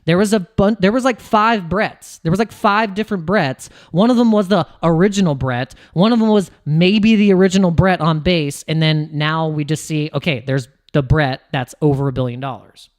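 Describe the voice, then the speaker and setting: An American man rambling through casual livestream chat as a crypto streamer, with lots of restarts and quick jumps in pitch. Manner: rambling, restarts, laughs, animated swings in pitch.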